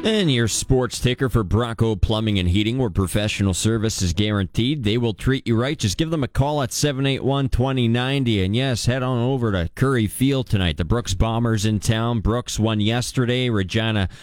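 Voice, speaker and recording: A man's voice: medium pitch, normal speed, few pauses, darkish tone, no echo, clean studio sound. A man reading a sponsored sports update on the radio in an upbeat, jokey way. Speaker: radio sports ticker reader.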